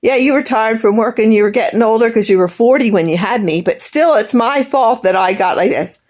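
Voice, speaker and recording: A woman's voice: fairly high pitch, brisk, a little mellow. A middle-aged woman in an emotional monologue, bitter and accusing, rambling, her voice breaking into tears.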